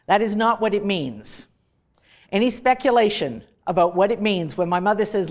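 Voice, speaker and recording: A woman's voice: medium pitch, lively intonation, normal speed. A woman professor giving a direct, emphatic recorded lecture to students. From Canada. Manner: direct, emphatic, dismissive of clichés.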